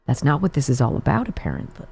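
A woman's voice: rumbling low, huge pitch swings, fast talker, gravelly, darkish tone, breathy edge. A woman in her forties hosting a political talk radio show, delivering a combative, sarcastic monologue.

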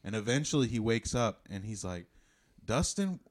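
A man's voice: lowish voice, fairly quick. A man co-hosting a podcast, telling stories casually and swearing freely. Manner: animated storyteller, swears freely. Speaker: podcast co-host. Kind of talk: casual chat.

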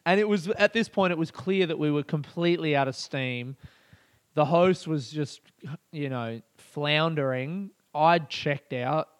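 A man with a slightly higher voice hosts his own comedy podcast. He rambles through a casual story, swearing freely and sounding fed up as he retells it. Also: smooth. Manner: rambling, profane, exasperated retelling.

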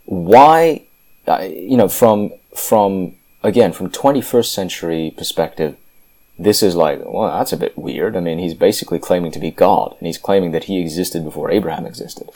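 A man with a very deep, low voice delivers fervent Bible commentary. He hammers his points home emphatically and often restarts his sentences. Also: moderate pace, dark tone. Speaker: Christian commentator.

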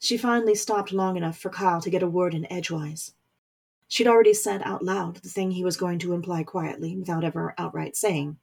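Husky woman narrating a story. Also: lowish voice, steady tone, brisk, a little mellow. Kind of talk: scripted narration.

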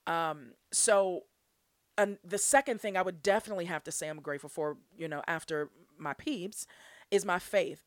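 A woman's voice: medium pitch, no room sound, studio quality. A young woman hosting her own podcast, talking earnestly and from the heart, laughing often as she goes. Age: young adult. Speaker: podcast host. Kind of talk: solo podcast monologue.

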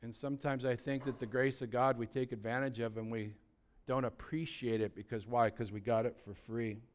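A man's voice: mid-range voice, darkish tone. A man preaching a sermon as pastor, blunt and urgent, asking the listeners rhetorical questions.

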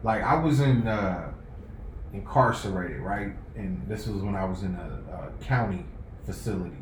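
A man telling a story in loose, profane podcast chat, jumping into loud voices for what people said. The room is echoey. A faint hiss sits under him. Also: low-pitched, moderate pace. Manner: animated, profane, acts out quoted lines loudly. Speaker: podcast co-host. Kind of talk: casual group chat, storytelling.

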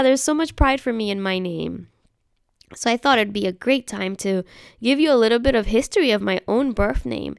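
Chatty woman with a very smooth voice. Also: medium pitch, normal speed, dry recording, clean studio sound. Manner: chatty, often checks in with the listener; explains patiently, spelling words out. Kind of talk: casual solo monologue.

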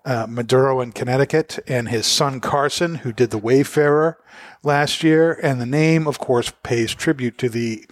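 A man's voice: mid-range voice, moderate pace, dry recording. A man hosting a casual cigar podcast, rambling with plenty of "uh" and "you know", from a small podcast studio. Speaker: podcast host. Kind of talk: casual chat about cigars.

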